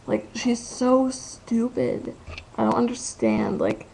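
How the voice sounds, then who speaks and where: Very gravelly young woman rambling to a webcam. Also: fairly high pitch, big pitch swings, slow pace, mellow, a little hiss or hum, low-quality recording. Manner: rambling, loses track, crude swearing. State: very tired. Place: room at home. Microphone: webcam at the computer.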